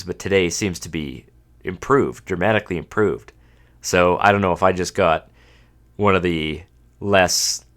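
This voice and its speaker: A Canadian man in his thirties hosts a solo podcast, talking casually with dry, self-mocking humor. His voice sits low and a bit bright, and he sounds a little stuffed up from a cold.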